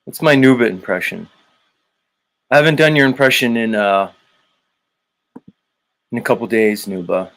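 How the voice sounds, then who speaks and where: A man's voice: mid-range voice, vocal fry, a bit bright, low-quality recording. A man hosting a livestream in a casual, teasing way, greeting viewers and reading their comments aloud. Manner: teasing, drawn-out, laid-back. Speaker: livestream host.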